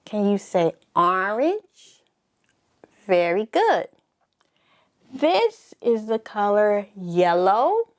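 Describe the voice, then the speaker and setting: A woman teaching a slow, encouraging lesson for small children, asking them to repeat words after her. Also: mid-range voice, sing-song. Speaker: preschool teacher.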